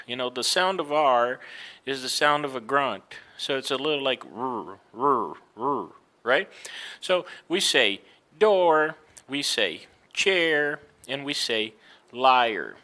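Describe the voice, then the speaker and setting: A man teaching an English pronunciation lesson, speaking deliberately and over-emphasizing sounds to demonstrate them. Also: mid-range voice, pushed and bright.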